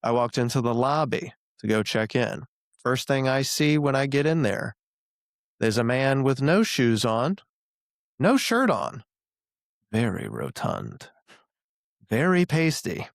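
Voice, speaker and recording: A man's voice: medium pitch, slow pace, vocal fry, long pauses, no room sound, studio quality. A man in his thirties hosting a podcast, telling stories with playful exaggeration in casual chat. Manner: animated storyteller, playful exaggeration. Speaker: podcast host.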